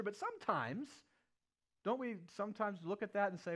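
A male pastor preaches a sermon at a church service, retelling a story vividly and very animatedly at normal speed. His delivery swings between loud, raised passages and hushed, low ones.

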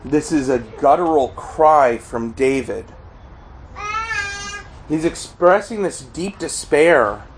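A man preaching a sermon, earnest, often crying out quoted pleas loudly. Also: fairly high pitch, expressive, takes it slowly, long pauses, background noise. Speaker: pastor.

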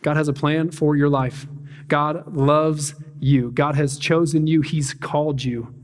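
Male pastor, relaxed chatty preaching style, higher-pitched voice, long reverb from the hall. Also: measured pace. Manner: conversational, peppered with "like" and "man", acts out voices. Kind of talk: casual sermon.

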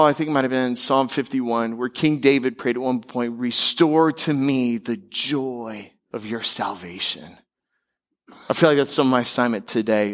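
A male pastor preaching a sermon, emphatic, with casual, conversational asides between declarations he slows down and lifts. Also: a bit bright. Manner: slows and climbs in pitch on key declarations.

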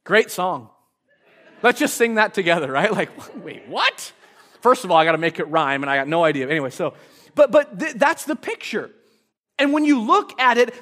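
Male pastor, very high voice, animated sermon delivery with playful asides. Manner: animated, acts out prayers and asides with humor.

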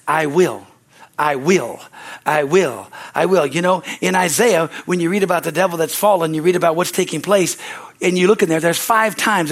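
An American male pastor with a high voice preaches a sermon excitably, building to loud exclamations. He repeats phrases for emphasis and calls for amens.

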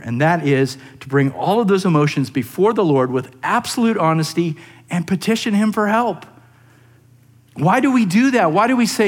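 Male pastor, sermon delivery, slightly higher voice, earnest, builds into emphatic passages. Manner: earnest, rises into animated emphasis, repeats words.

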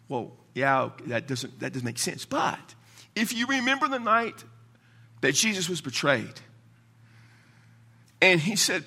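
A middle-aged man preaching a sermon, expressive, moving from loud emphasis down to near whispers. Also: on the high side, normal speed, slightly rough.

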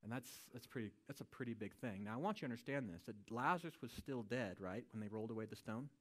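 A man's voice: mid-range voice, fast talker. Casual, conversational male preacher. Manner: casual and conversational, often adds a questioning "right?". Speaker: pastor. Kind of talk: sermon.

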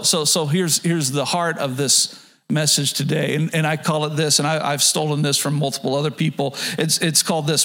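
Male pastor, high-pitched, preaching a sermon with repeated phrases and frequent restarts. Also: fairly bright tone. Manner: repeats key phrases, restarts with stammered words.

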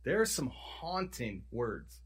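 Husky-voiced man preaching a sermon. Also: mid-range voice, big pitch swings, takes it slowly. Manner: conversational preaching, restarts and self-corrections, emphatic storytelling. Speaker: pastor.

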